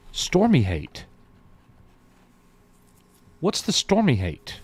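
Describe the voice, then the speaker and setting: A man co-hosts a laid-back live stream, his voice sitting low. He drifts between reading viewer messages and chatting about them in a loose, unhurried way. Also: animated. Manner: reads viewer messages aloud, drawling and chatty. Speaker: show co-host. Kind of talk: casual live-stream chat.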